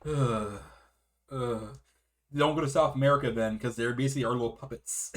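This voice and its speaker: A man's voice: medium pitch, normal speed. A man co-hosting a casual art history chat, reading aloud with restarts and swearing. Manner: animated, swears, trails off mid-sentence.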